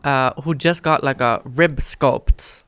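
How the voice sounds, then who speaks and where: A woman's voice: slow, a bit bright, clean tone, no room sound. A woman co-hosting a podcast in casual chat, giggly and chatty. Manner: giggly and chatty, with jumpy pitch. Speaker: podcast co-host.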